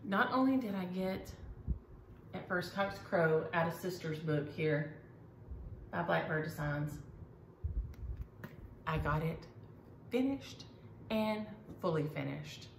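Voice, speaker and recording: A middle-aged woman shows her needlework in a casual, enthusiastic vlog chat, speaking slowly in a voice on the low side and pausing often. The room is echoey, with faint ambient noise.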